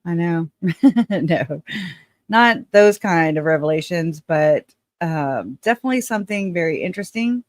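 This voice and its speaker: A woman's voice: on the low side, expressive, a little slow, dry recording, clean studio sound. A woman hosting a casual live stream, chatty and laughing often as she talks to her viewers.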